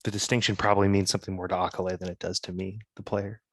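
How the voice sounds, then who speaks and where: A man's voice: low voice, little pitch movement, racing, fairly bright tone, no echo. A man playing in a tabletop game, chatting in and out of character with dry, wry questions. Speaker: player.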